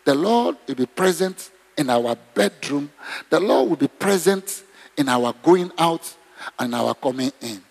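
A man preaching a sermon, animated and exclamatory, leading the congregation in prayer. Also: on the high side, a little slow, gravelly, slightly rough. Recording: long reverb in a hall.

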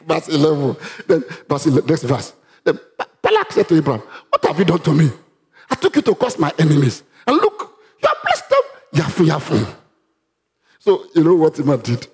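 A man with a Nigerian accent preaching a sermon, reading Bible verses aloud and breaking into sudden loud, animated rises. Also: a little high, fairly quick. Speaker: pastor.

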